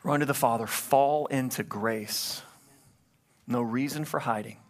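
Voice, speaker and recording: A man preaching as a pastor in a church, pleading and impassioned, swelling loud and then dropping low during an altar call. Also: measured pace. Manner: impassioned, rising to loud climaxes then hushed. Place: church sanctuary, livestreamed.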